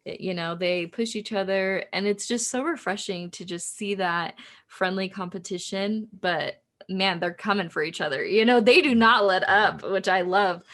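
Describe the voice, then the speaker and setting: A woman's voice: mid-range voice, normal speed, fairly bright tone. A woman court reporter chatting casually, giggling often and retelling stories with animation. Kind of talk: casual chat.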